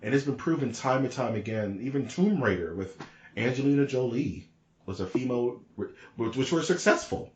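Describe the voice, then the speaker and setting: A man co-hosting a podcast in casual chat, talking in an excitable, rambling, slangy way. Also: mid-range voice, moderate pace, reverberant, dull audio. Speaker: podcast co-host.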